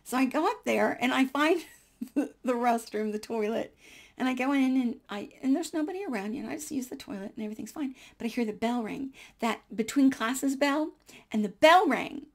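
A woman in her sixties telling a personal faith story in a chatty, animated way, dropping into whispers at hushed moments. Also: on the high side, a little fast, vocal fry. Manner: chatty with frequent fillers and small laughs.

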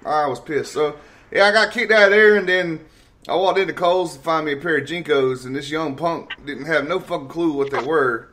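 Man, show host, profane rambling storyteller, forceful bright voice. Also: fairly high pitch, normal speed, a little hiss or hum. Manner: loud, profane and laughing often.

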